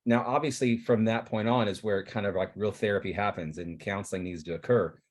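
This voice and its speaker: A man's voice: fairly low pitch, steady tone, fairly quick. A man on a video call explaining a therapy in an earnest, rambling way, with frequent restarts.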